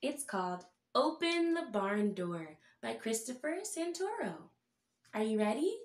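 Female preschool teacher, read-aloud storytime, slow unhurried delivery, echoey room. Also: a little high, very animated. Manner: sing-song, slow and exaggerated for small children. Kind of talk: interactive read-aloud for toddlers.

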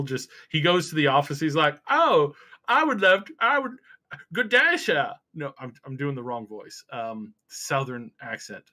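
Bright-voiced rambling male podcast host. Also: mid-range voice. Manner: rambling, hesitant, many fillers and restarts. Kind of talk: casual podcast chat.

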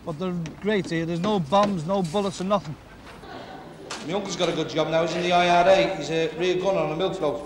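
A man's voice: high voice, fairly even intonation, brisk. A man with a Liverpool accent doing a brash, bantering stand-up routine in a working men's club. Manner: brash, bantering, chatty with the crowd. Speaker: stand-up comedian. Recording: echoey club hall, background noise.

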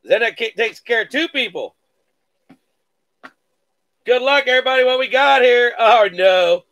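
High, gravelly, excitable card-break host. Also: male voice, measured pace, pauses often. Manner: excitable, hype catchphrases, mock-cursing. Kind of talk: live card-breaking stream chat.

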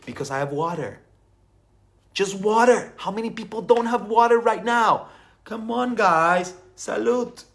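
A man's voice: high-pitched, measured pace, vocal fry. A man speaking as a spiritual teacher in an emphatic, playful motivational talk, repeating phrases for emphasis.

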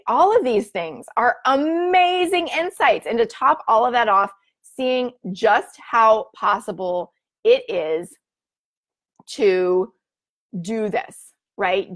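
A bubbly, chatty woman hosts a casual livestream, reading viewer comments and filling her talk with lots of fillers. Her voice is medium-pitched with vocal fry.

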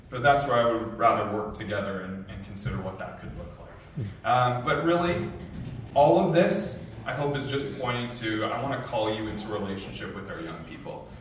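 A man's voice: mid-range voice, a little hiss or hum. A young man speaking as a youth pastor, giving an earnest, conversational church talk and a prayer, with frequent ums. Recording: echoey room, distant mic, faint ambience.

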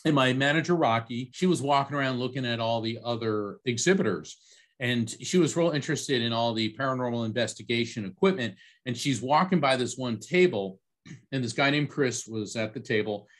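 A man from Central Florida, a psychic medium guest, telling a story with animated delivery on a podcast interview. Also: a little fast. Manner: animated storyteller, lively jumps in pitch on quoted lines.

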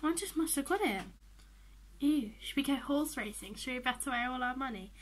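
A young woman giving chatty, excitable commentary while playing a life-sim game, often dropping into whispers. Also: sits high, moderate pace, a little hiss or hum. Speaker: gaming vlogger.

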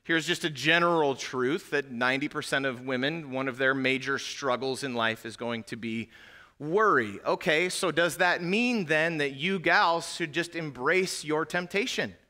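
A man preaching a sermon in a church, swinging between quiet, low stretches and loud, impassioned emphasis. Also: moderate pace. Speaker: pastor. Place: church sanctuary.

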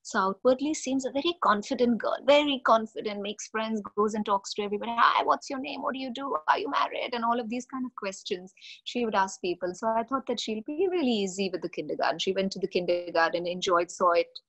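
A middle-aged woman, a mindfulness coach giving an animated, expressive webinar talk on parenting. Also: mid-range voice, fast talker. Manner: expressive, animated storytelling with acted-out quotes.

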